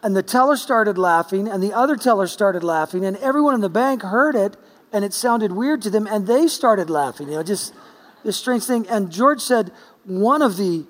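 A man's voice: sits high, animated, moderate pace. A man preaching a sermon in a church sanctuary, telling a story in a playful, chatty way. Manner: playful, chatty, with quoted dialogue. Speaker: pastor. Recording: long church-hall reverb.

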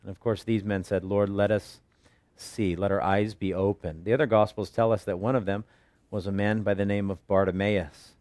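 A man preaching as a pastor, teaching verse by verse and retelling the story with earnest, animated delivery. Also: lowish voice, normal speed, no echo. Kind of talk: expository Bible teaching.

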